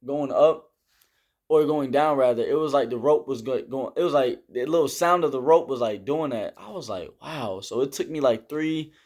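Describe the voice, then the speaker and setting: A man's voice: medium pitch, moderate pace, darkish tone. A young man casually telling a story about army basic training, rambling and leaning heavily on fillers while he gestures through the steps. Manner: explains with hand gestures.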